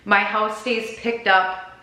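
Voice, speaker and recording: A woman's voice: medium pitch, flat delivery, slow, sharp tone, echoey room, poor audio. A woman from Minnesota with a Minnesota accent, chatting and rambling to camera in a vlog, giggling at herself. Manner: rambling, giggly, self-deprecating. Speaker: vlogger.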